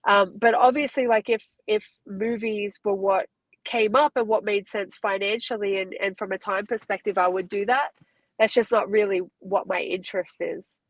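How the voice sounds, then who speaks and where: A woman's voice: mid-range voice, fairly even intonation, moderate pace, dry recording, poor audio. A woman from Australia with an Australian accent, chatting casually as an interview guest and laughing easily. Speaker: guest, fighter.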